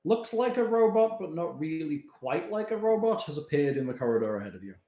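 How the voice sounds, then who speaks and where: A man's voice: fairly high pitch, brisk. A man running a tabletop game as game master, handing out rulings with jokes. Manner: lively, jokey rulings. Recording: roomy echo.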